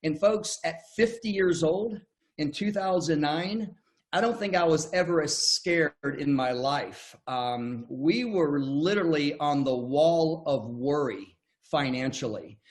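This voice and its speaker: Folksy older man giving a pitch. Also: slow. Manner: folksy, storytelling, many restarts. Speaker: network marketing presenter. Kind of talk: online business presentation.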